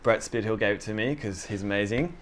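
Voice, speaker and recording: A young preacher delivers his sermon like a casual story, chatty and self-deprecating, full of fillers and asides he quotes to himself. His voice is fairly low and brisk, with slight background noise.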